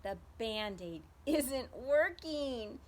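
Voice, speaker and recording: A woman's voice: fairly high pitch, extremely slow. A young adult woman, a preschool teacher, reading a story aloud to children and asking them questions. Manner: animated, asks children questions.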